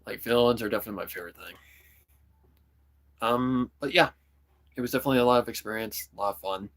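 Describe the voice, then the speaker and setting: A young man streaming, chatting casually and rambling about voicing characters, often breaking into quick voice demos. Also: fairly low pitch, a bit bright. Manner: rambling, full of "kinda" and "like", jumps into voice demos. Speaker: streamer and hobby voice actor. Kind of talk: casual livestream chat.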